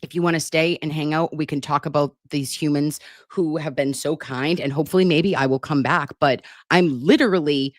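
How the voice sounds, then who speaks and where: A woman's voice: low voice, fairly even intonation, normal speed, dry recording, studio quality. A middle-aged woman hosting a casual livestream, chatting affectionately and reading out viewer comments at her desktop computer. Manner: chatty, affectionate, self-deprecating. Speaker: livestream host. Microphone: computer mic at a desktop.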